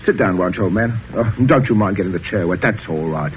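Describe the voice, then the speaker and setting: An actor playing a genial but murderous father with a gun in an old radio drama, chuckling and smooth. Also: low voice, brisk, a little hiss or hum, close to an everyday voice. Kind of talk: 1940s radio acting. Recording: dull old radio broadcast.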